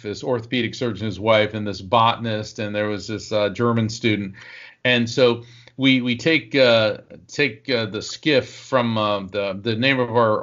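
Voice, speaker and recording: Animated man telling a story. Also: mid-range voice, dull audio. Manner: animated storyteller, acts out quotes, frequent fillers. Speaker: psychic medium guest. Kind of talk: anecdotal storytelling in conversation.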